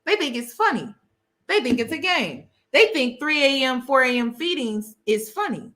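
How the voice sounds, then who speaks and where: A woman hosts a casual talk show and speaks directly to her audience. Her voice is bright and sharp, and she drives her points home by repeating them. Her delivery stays emphatic and conversational. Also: high-pitched, big pitch swings, normal speed. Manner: emphatic, repeats key phrases. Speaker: host. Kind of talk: casual commentary to camera.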